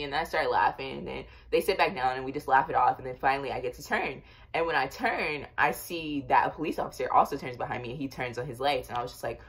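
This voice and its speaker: A young woman casually telling a storytime tale to her viewers, chatty and animated, with lots of fillers. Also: deep voice, fairly quick. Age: young adult. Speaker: vlogger.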